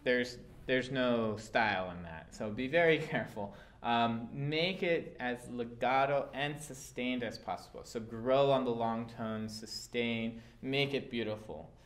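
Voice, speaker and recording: A man's voice: mid-range voice, measured pace, hardly any pauses, soft background music. A man teaching a violin part, explaining dynamics patiently with occasional fillers. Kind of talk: instrument lesson.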